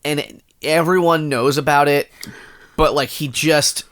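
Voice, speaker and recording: A man's voice: a little high, unhurried, no room sound, studio quality. A man co-hosting a podcast on a headset mic, telling stories animatedly in casual chat and laughing often. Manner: animated storyteller, laughs a lot. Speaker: podcast co-host.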